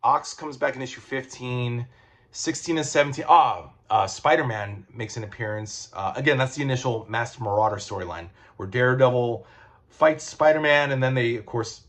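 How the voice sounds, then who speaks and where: A man's voice: mid-range voice, moderate pace, a bit bright. A man reviewing comic books in a casual video, rambling with lots of fillers, restarts and swearing.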